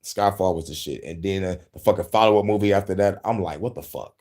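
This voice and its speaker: Talking fast in a low voice, this podcast host in his thirties covers politics and movies casually and with profanity. He laughs a lot and bursts into loud, shouted impressions.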